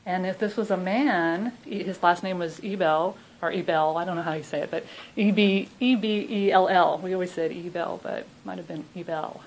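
A woman's voice: lowish voice, fairly quick, a little hiss or hum, rough recording. A middle-aged woman with a Southern US accent, a minister giving an informal, chatty talk to her congregation. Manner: chatty, laughing, many restarts.

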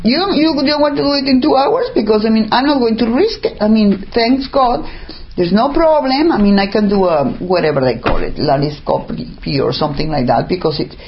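A woman's voice: mid-range voice, normal speed, lo-fi sound, a little hiss or hum. An older woman telling a personal story in casual talk, acting out what others said and filling gaps with "I mean.". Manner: animated, acts out what others said, many "I mean" fillers.

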